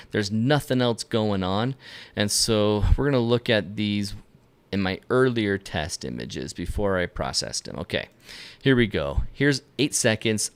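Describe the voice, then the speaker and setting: A man hosting a live-stream photography tutorial, talking straight to viewers with energy and quick asides to himself. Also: fairly low pitch. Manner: energetic, talks to viewers directly with self-directed asides. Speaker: photography instructor. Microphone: camera lens mic, at a desk facing the camera.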